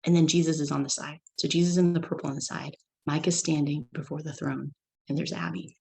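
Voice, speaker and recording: A woman's voice: low voice, steady tone, fairly quick, creaky, darkish tone, low-quality recording. A middle-aged woman from California giving a personal testimony talk as guest speaker, telling a story and acting out her child's lines.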